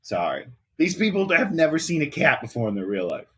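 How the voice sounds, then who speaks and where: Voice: mid-range voice, big pitch swings, brisk, fairly bright tone, slight background noise. A podcast co-host in a casual movie review chat, ranting in exasperation and swearing often.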